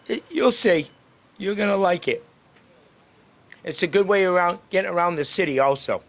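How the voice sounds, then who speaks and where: Friendly guy chatting up strangers on the street, kinda high voice, laughs a lot. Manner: upbeat, chatty, laughs often. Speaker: street greeter and podcast host. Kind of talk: casual chat with passersby. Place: outdoors on a town street.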